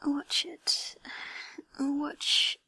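Woman whispered role-play, breathy, bit of gravel, slow n bossy. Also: high voice, level tone, pushed and bright, dry recording. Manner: slow, teasing and commanding. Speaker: erotic audio performer.

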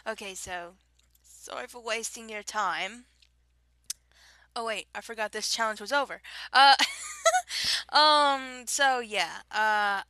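Slow-talking bright Southern woman. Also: fairly high pitch, no echo. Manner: giggly, self-mocking, chatty with filler. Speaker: vlogger. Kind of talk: casual word-list challenge.

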